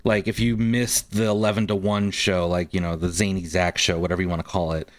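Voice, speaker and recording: A man's voice: deep voice, level tone, a little fast. A man guest on a podcast, telling a story casually with many ums and likes. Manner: rambling, frequent ums and likes.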